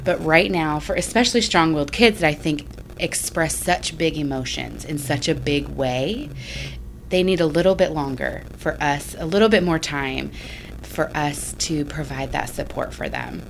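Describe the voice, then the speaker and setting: A woman host who works with mothers, giving calm parenting advice in a casual conversation. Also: low-pitched, normal speed, gravelly, a little hiss or hum.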